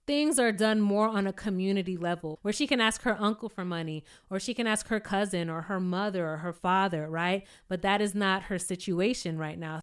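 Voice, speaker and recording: A woman, giving a chatty, animated recap of a reality show in a casual commentary style. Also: mid-range voice, clear, resonant tone. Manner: chatty and animated, quoting cast members in playful voices.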